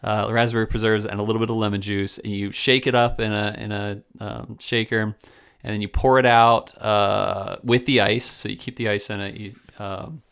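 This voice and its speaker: Man, podcast co-host, casual chat, lowish voice, relaxed and joking. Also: moderate pace, creaky, smooth. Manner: relaxed, jokey, with hesitant fillers.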